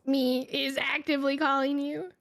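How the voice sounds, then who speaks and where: A woman's voice: high-pitched, little pitch movement, moderate pace, creaky, a bit bright, dry recording. A woman chatting casually on a call with a streamer, teasing and giggly. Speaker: guest on a call.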